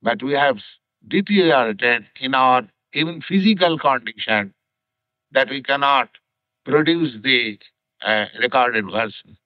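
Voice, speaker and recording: An older man from India with an Indian accent lectures on scripture in slow, deliberate phrases full of pauses, on an archival 1960s lecture tape. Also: mid-range voice, no room sound, muffled recording. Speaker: spiritual teacher.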